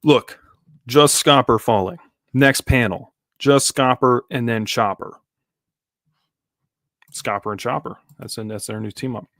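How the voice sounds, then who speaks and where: A man's voice: mid-range voice, measured pace, long pauses, fairly bright tone, no room sound, studio quality. A man streaming a live reaction, rambling casually with lots of fillers and restarts. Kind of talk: live manga reaction commentary.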